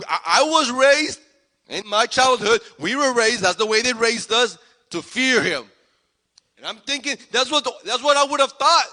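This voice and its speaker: A man preaching a sermon as pastor, animated and repetitive, acting out the speakers in the story. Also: very high-pitched. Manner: animated preaching, repeats phrases, acts out voices. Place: church sanctuary. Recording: long hall reverb.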